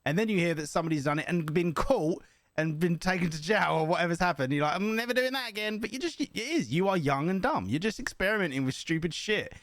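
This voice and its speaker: Brief: young guy, bouncy delivery, jokey rambling host, slightly high voice. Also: expressive, fast talker, no echo, studio quality. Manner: joking, rambling, laughs often. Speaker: reaction video host. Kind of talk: casual reaction commentary.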